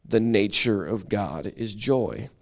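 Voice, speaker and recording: A man leads a church Bible study in a casual, talkative way. His voice sits on the lower side, and he laughs at himself and restarts sentences as he goes. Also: expressive, slow pace. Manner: chatty and self-deprecating, with frequent restarts.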